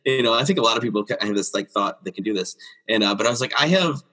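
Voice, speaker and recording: A man with a slightly husky voice sits down for a casual interview chat. He tells stories about his art with plenty of laughter and pops up into a high register to mimic the people he quotes. He sounds like a friendly illustrator in his thirties. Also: racing. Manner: animated storyteller, acts out quotes in a high voice, laughs often. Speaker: children's book illustrator, guest.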